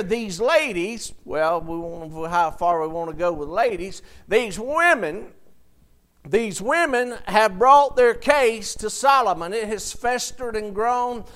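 High-voiced, unhurried man preaching a sermon. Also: fairly bright tone, clean tone. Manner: preaching with call-and-response and retelling scripture in plain words; reads King James verses aloud.

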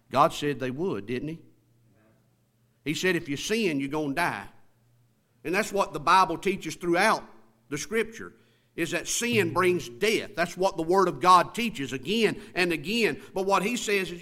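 A man preaching a sermon, asking the congregation rhetorical questions, reading scripture aloud and building up to loud, emphatic passages. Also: fairly high pitch, lively intonation, unhurried. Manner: reads scripture aloud in King James wording.

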